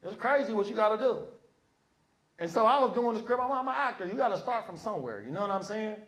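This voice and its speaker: A man doing stand-up comedy, telling an animated, profane story and acting out the voices of others. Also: high voice, fast, a little hiss or hum. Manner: profane, slangy. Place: comedy stage before a live audience.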